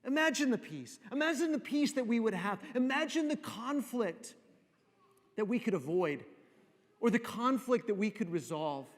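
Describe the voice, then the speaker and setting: A man preaching a sermon, repeating phrases for emphasis and dropping to soft, slow pauses. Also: very high voice, lively intonation. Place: church sanctuary. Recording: long reverb of a church hall.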